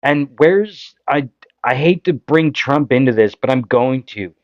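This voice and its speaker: A man's voice: mid-range voice, expressive, unhurried, dry recording, lo-fi sound. A Canadian man hosting a podcast, giving casual political commentary in an impassioned, frustrated way, full of rhetorical questions. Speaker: podcast host.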